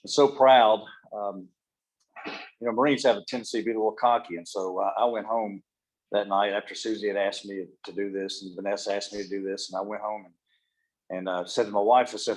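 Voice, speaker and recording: A man's voice: lowish voice, fairly even intonation, brisk. A man gives a humorous motivational keynote speech, joking in a folksy, self-deprecating way. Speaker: keynote speaker.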